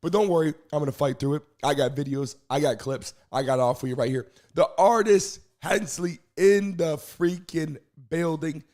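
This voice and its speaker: A man hosting a live stream show, hoarse from losing his voice, talking casually and energetically while greeting viewers in the chat. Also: a little high, moderate pace, few pauses, darkish tone.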